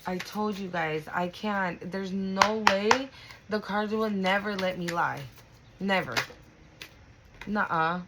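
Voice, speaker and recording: A woman's voice: medium pitch, slow pace, heavy background noise. A woman giving an intuitive tarot reading to her viewers, emotional and close to tears, drawing out her words for emphasis and breathing hard. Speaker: tarot reader.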